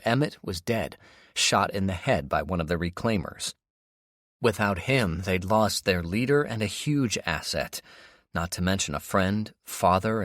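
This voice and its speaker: Man, audiobook narration, very low voice, steady storytelling, dry studio sound. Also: dry recording.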